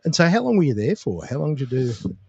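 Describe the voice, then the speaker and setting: Husky man, relaxed host. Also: mid-range voice, fast, no room sound, lo-fi sound. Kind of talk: casual chat.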